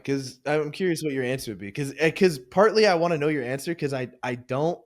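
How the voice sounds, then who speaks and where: A man's voice: a little high, lively intonation, brisk. A young man co-hosting a casual podcast, chatting in a laid-back way with lots of fillers. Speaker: podcast co-host. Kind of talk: casual chat.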